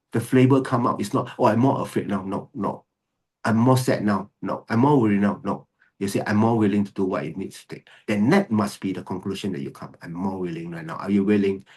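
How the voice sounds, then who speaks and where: A man gives a Buddhist teaching in an earnest, emphatic way, repeating his key words. His voice sits low and has a husky, breathy edge. He speaks as a teacher addressing students. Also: mellow. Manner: earnest, repetitive, emphatic, switches to Mandarin. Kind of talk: dharma talk. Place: video call recording.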